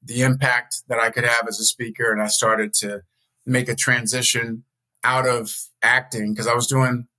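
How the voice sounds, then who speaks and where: Bright-voiced man telling stories. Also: moderate pace, poor audio. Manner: animated storyteller, jumps higher when quoting others. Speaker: guest, motivational speaker and coach. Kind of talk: casual storytelling interview.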